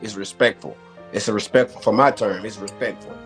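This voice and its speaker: A man's voice: fairly low pitch, fairly even intonation, fairly quick, a bit bright, soft background music. Emphatic rambling man debating. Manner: emphatic, rambling, repeats himself. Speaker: debate contestant. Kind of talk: casual debate.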